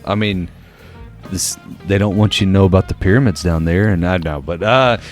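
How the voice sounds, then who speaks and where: A man's voice: low-pitched, moderate pace. A young man, a podcast co-host, telling a casual story full of fillers. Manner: animated storyteller, many fillers, acts out voices. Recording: faint guitar music behind.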